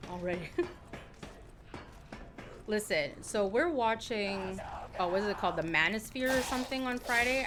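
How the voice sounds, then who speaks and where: A young woman streaming a game live, chatting freely with her viewers and reading their messages aloud. She is expressive, often exclaiming and laughing. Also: on the low side, background noise. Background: game music.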